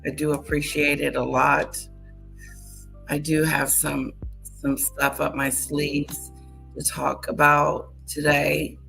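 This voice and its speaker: A woman's voice: deep voice, little pitch movement, slow, creaky, sharp tone, soft background music. A woman hosting a casual livestream, chatting to viewers and repeating greetings to them. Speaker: livestream host. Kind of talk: casual live-stream chat.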